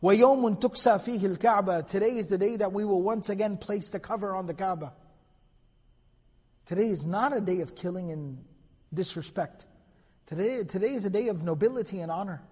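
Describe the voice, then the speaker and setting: Husky man lecturing in a reverberant hall. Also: sits high, mellow. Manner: storytelling with Arabic quotes, casual asides. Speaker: lecturer on prophetic biography. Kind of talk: recorded lecture.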